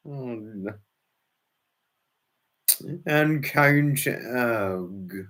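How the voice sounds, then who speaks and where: A man's voice: medium pitch, animated, very slow, long pauses, a bit bright. A man chatting live to viewers, answering comments in a rambling, fussy way with many restarts and exclamations. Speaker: live streamer. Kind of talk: casual chat answering viewers.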